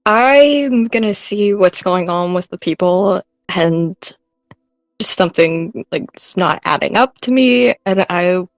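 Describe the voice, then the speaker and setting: Woman player, low voice, unhurried, dry recording. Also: dry recording. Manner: thoughtful, describing her actions.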